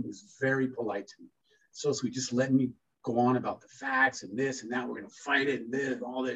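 Man, 50s, husky, a bit off-mic and dull, earnest storyteller. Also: medium pitch, far from the mic. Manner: earnest, anecdotal, animated when quoting himself. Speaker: criminal defense lawyer. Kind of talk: reflective storytelling talk.

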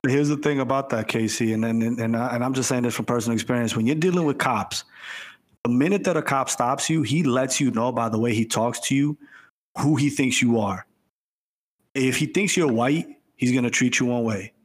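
A man's voice: medium pitch, brisk. Insistent man arguing his point. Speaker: podcast co-host. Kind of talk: casual chat.

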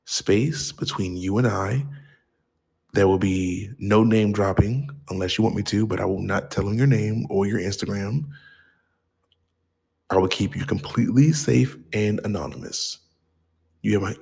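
A man hosting a podcast, talking earnestly to his listeners in a halting way, with frequent restarts. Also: fairly low pitch, gravelly, a little mellow, slightly rough. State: choked up. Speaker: podcast host. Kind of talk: heartfelt podcast outro.

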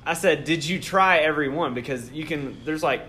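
A man, co-hosting a podcast in casual chat, teasing and quick to laugh. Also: fairly high pitch, sharp tone, slight background noise. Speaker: podcast co-host.

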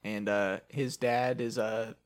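A man's voice: on the low side, fairly even intonation, takes it slowly. A man co-hosting a casual podcast, speaking in a laid-back, wry way. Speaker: podcast co-host. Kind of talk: casual chat.

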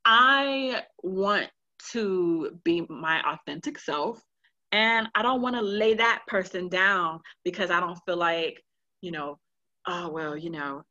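A loud, animated woman co-hosting a casual chat, dramatic and quick to swear. Her voice is bright and forceful. The recording is dull and a little lo-fi. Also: medium pitch. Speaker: podcast co-host.

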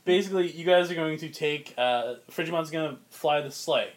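A man's voice: fairly high pitch, brisk. A man narrating as game master of a comedic tabletop game, loose and laughing, with lots of fillers.

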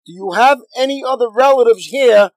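A man's voice: very high voice, moderate pace, no room sound, pitched above the performer's own voice, rough recording. A man reading aloud as an angel messenger, urgent and insistent, giving commands.

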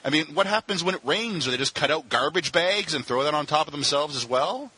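Bright, husky man griping animatedly. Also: a little high, fairly quick, poor audio. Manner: animated griping with heavy swearing. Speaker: podcast co-host. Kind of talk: casual profane movie chat.

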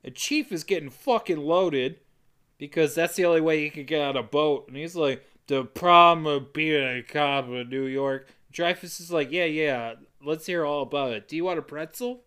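A man co-hosting a podcast, retelling a movie scene by scene in casual chat and briskly quoting the characters. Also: on the high side. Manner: brisk storyteller quoting characters in quick voices. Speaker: podcast co-host.

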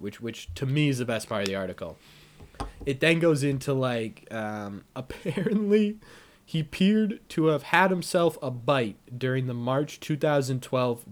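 A man co-hosting a podcast in casual chat, telling a news story with lots of swearing and rising excitement. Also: medium pitch, unhurried. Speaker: podcast co-host.

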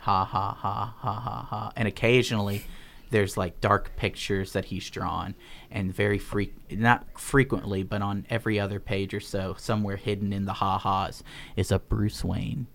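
Rambling lower-voiced podcast man. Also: level tone, normal speed, vocal fry. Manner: rambling, full of ums and restarts. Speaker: podcast host. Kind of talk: casual story pitch.

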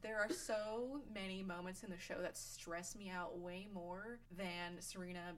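A woman in casual chat recapping a TV show, animated and laughing, acting out quotes. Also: fairly low pitch, normal speed, slight background noise. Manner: animated, laughing, acts out quotes in funny voices.

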